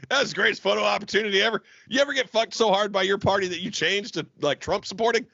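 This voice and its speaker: A man co-hosting a podcast in casual chat, loud and laughing, swearing a lot. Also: high voice, fast, creaky, dry recording. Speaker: podcast co-host. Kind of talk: casual profane banter. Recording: dull lo-fi dry recording.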